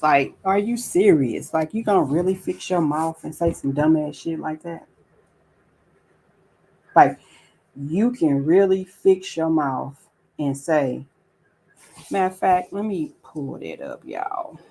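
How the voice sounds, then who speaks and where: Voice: medium pitch, animated, slow, vocal fry, long pauses, mellow, husky, poor audio. A livestream host giving casual commentary, ranting with profanity and repeated rhetorical questions, and greeting viewers by name between points.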